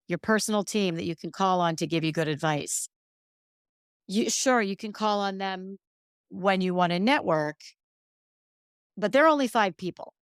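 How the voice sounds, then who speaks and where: A woman's voice: medium pitch, smooth, no room sound, studio quality. A middle-aged woman hosting a solo podcast, talking earnestly and emphatically about careers. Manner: earnest and emphatic, emotional at times. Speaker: podcast host.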